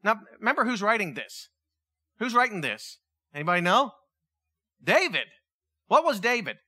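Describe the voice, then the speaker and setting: A man preaching a sermon, animated, asking the congregation questions and acting out quotes. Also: high voice. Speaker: pastor.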